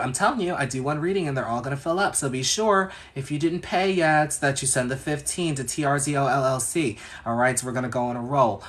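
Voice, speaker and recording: Brief: man, astrologer running live chart readings, chatty, sassy, mid-pitched voice. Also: fairly bright tone. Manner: chatty and sassy, rambling asides. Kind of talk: casual livestream chat.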